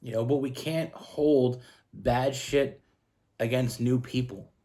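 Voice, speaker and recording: A man's voice: medium pitch, fairly even intonation, slow pace, warm tone. A man from Canada giving a casual tarot love reading, earnest and rambling with frequent restarts. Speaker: tarot reader.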